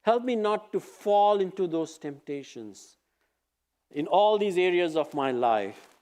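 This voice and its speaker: A man preaching a sermon in an earnest, exhorting manner, reading scripture aloud with pauses. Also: sits high, lively intonation, a little mellow. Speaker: pastor.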